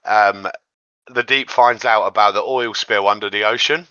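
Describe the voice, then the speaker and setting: A man's voice: on the low side, fairly even intonation, normal speed, bright, forceful tone, smooth, no room sound, highs cut off. A man hosting a podcast, chatting casually and rambling, acting out quotes in a raised voice. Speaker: podcast host. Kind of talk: casual chat.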